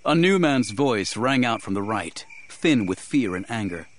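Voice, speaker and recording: A man reads a story aloud as an audiobook narrator. His pitch rises and falls in a lively way, and his telling stays even and measured. A faint hiss sits under the recording. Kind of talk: scripted narration.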